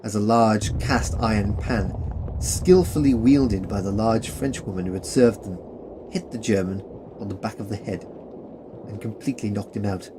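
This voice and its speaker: A man narrating a war story audiobook in a plain, steady reading. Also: lowish voice, normal speed, noisy background.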